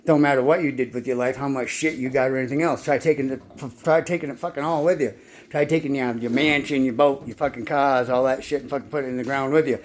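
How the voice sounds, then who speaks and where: A man's voice: medium pitch, fairly even intonation, fast, a little hiss or hum. A man telling his life story in a rambling, casual monologue, swearing constantly and often stumbling and repeating words as he restarts his sentences. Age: adult.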